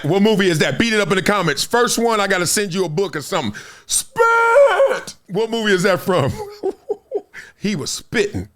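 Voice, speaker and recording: A man in his fifties hosting his own show, telling loose, slang-heavy stories and acting out the people in them. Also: high voice. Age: 50s. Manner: animated, street slang, acts out quoted voices. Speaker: show host. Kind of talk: casual storytelling to camera.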